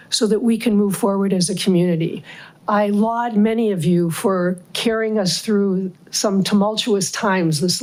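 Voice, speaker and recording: A woman's voice: mid-range voice, a little mellow. A woman who is losing her voice, giving an earnest, hesitant public comment at a city council meeting at a podium microphone. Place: council chamber.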